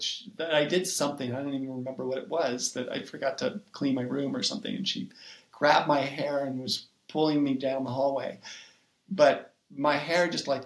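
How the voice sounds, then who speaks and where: A man in the middle of his range tells a story in a reflective, earnest way, often pausing with "um" and "like." His voice sits in a roomy space with a clear echo around it. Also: medium pitch. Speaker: podcast guest, poet and writing coach. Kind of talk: conversational personal storytelling.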